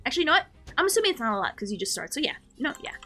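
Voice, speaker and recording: High-ish woman on a game stream, ranting and teasing chat, soft music under her. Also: very fast. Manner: animated, playfully ranting and scolding. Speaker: live streamer. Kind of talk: casual gaming stream chat.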